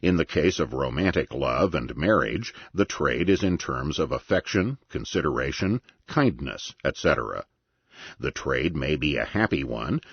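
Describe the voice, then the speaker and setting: A man reads nonfiction aloud in an extremely deep, gravelly voice with a husky edge. His delivery is measured and deliberate, yet lively in pitch. The recording is dry and muffled. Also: no echo. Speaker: narrator.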